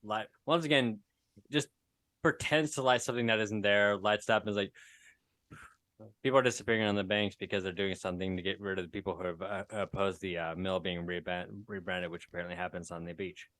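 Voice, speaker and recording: Player, male, low voice, laid-back, chuckly. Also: fairly even intonation, brisk, a bit bright. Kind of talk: tabletop role-play, describing actions.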